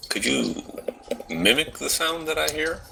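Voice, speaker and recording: A man's voice: a little high, animated, a little slow, creaky, noisy background. A man playing a tabletop game in a wry, joking way. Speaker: player. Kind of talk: casual tabletop play.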